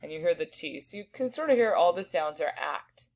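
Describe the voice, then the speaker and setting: A woman teaching a recorded spelling lesson, patiently sounding out each word slowly. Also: deep voice, expressive, darkish tone. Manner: patient, slow sounding-out of words.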